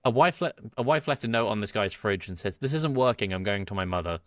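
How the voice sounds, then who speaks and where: A British man co-hosting a podcast, chatting in a laid-back way and trading quick one-liners with a chuckle. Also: lowish voice, lively intonation, a bit bright, no echo, studio quality. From Britain. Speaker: podcast co-host. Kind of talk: casual comedic chat.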